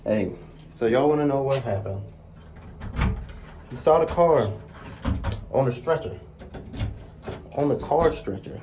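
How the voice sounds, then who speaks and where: A man walking outdoors at night, out of breath, telling a story to his small handheld camera in a chatty, animated way. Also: mid-range voice, slow pace, pauses often. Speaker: vlogger. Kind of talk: casual storytelling vlog. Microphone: small handheld action camera. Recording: faint outdoor traffic noise.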